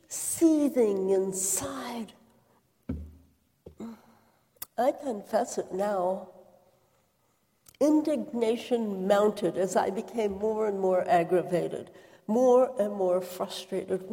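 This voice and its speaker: A woman playing Martha, a busy and indignant hostess, in an earnest dramatic monologue. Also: on the high side. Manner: earnest, expressive storytelling with quoted outbursts. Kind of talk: dramatic first-person monologue. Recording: reverberant hall.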